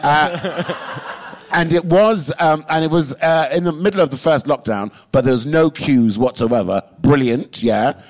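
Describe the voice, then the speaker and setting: A male comedian, telling lively, swearing stories in a podcast chat. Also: unhurried. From England. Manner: animated, swearing, pitch jumping high for emphasis. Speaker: guest comedian. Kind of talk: comic storytelling in a podcast chat.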